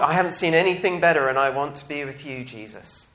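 A man preaches to his congregation in a slightly high voice, moving briskly with few pauses. He's animated and laughs often, swinging between quiet reflection and loud bursts of excitement.

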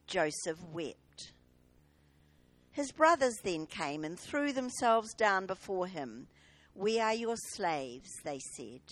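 A woman reads Bible passages during a church service. She takes her time, unhurried and clear. Her pitch sits mid-range as she lifts the quoted lines with expression. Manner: measured, expressive reading aloud. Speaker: scripture reader. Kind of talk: liturgical Bible reading.

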